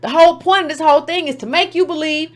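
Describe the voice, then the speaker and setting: Woman, high-pitched voice, commentary host, emphatic, rhetorical questions, mocking impressions. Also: fast. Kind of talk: opinionated commentary monologue.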